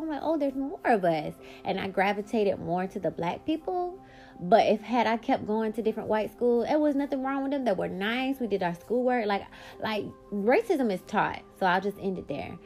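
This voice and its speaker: A woman's voice: mid-range voice, vocal fry. A woman hosting her own podcast, telling a personal story bluntly, with frequent swearing and emphatic bursts. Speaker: podcast host.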